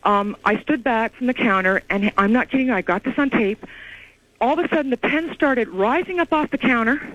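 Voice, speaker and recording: Excited woman caller on a muffled phone line. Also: fairly high pitch, brisk, no echo. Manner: excited, rambling, breathless storyteller. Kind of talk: call-in radio storytelling. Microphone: phone call.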